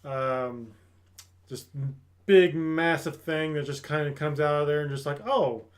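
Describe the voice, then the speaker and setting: A man with a slightly high, unhurried voice hosts an anime review, casually retelling an episode. He tells it with animation, briefly acting out the characters' lines along the way.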